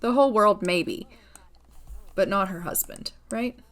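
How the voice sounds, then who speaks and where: A woman's voice: medium pitch, a little slow, a bit bright. A woman giving casual gameplay commentary in a chatty way, narrating the story and voicing the characters as she plays. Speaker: gameplay video creator.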